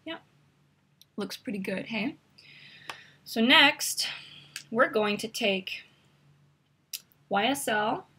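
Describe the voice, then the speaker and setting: A woman's voice: on the high side, expressive, very slow, long pauses, bright, forceful tone, slight background noise. A woman hosting a makeup tutorial, chatty and instructive as she talks through each step while demonstrating.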